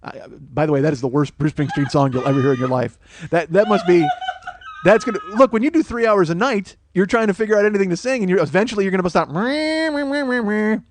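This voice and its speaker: Talking quickly in a high voice over background noise, this podcast host spins a funny story. His monologue rambles, swears freely and pokes fun at himself.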